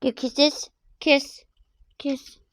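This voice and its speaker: A woman's voice: high voice, little pitch movement, very slow, background noise. A woman talking casually to her pets in a cooing, baby-talk manner. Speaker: pet owner.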